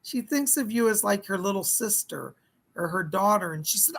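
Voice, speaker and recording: Hoarse, gravelly-voiced male psychic medium. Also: high-pitched, expressive, moderate pace, a bit bright, poor audio. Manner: chatty and folksy, thanking viewers by name. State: hoarse, losing his voice. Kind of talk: live-streamed psychic readings.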